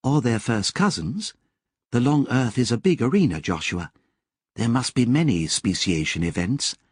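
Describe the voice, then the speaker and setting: A man voicing a calm, knowing male guide in an audiobook, who talks in measured, lecturing explanations. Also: mid-range voice, slightly rough, dry recording, studio quality, pitched above the performer's own voice. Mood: urgent calm.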